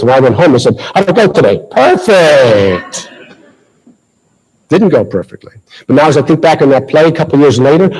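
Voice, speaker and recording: A middle-aged Boston-accented speaker from Massachusetts, holding a handheld mic at a school ceremony, retells a lively anecdote that pokes fun at himself. His slightly high voice has a breathy edge, and the recording sounds rough.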